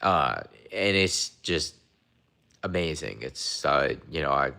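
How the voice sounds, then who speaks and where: A man's voice: extremely low pitch, lively intonation, slow, gravelly, bright, forceful tone. A young man hosting a casual livestream, rambling and repeating himself as he talks to chat, sometimes mocking viewers. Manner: mocking, confrontational toward viewers. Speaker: livestream host.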